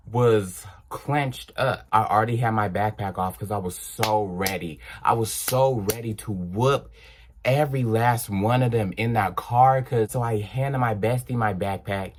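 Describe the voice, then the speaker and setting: A man's voice: fairly low pitch, measured pace, a little hiss or hum. A young man, telling a casual story and acting out the dialogue in quotes. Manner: animated, acts out dialogue in quotes. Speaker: storytime vlogger.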